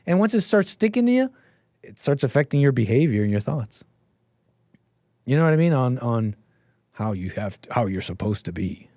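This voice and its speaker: A man's voice: mid-range voice, sing-song, normal speed, pauses often, dark tone, no echo. A man hosting a call-in show, talking casually and rambling, with lots of restarts and easy laughs.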